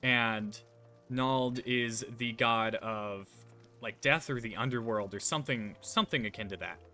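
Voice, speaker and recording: A male streamer chatting casually while he plays, rambling with plenty of fillers. His voice is bright and forward at a middle pitch. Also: a little slow, faint music behind. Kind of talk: casual gameplay chat.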